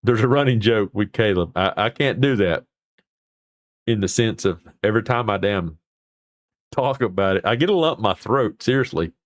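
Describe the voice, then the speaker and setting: With a fairly low, expressive voice at normal speed, a man hosts a livestream and chats about viewer comments. His reactions are folksy and rambling, with mild swearing, and the studio recording is clean with no echo.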